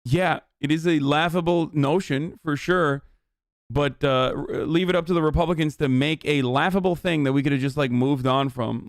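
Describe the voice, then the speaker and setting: A man's voice: a little high, moderate pace, no room sound, studio quality. Heated, swearing political streamer man. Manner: heated, sarcastic, swears often. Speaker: streamer reacting to a news clip. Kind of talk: profane political commentary.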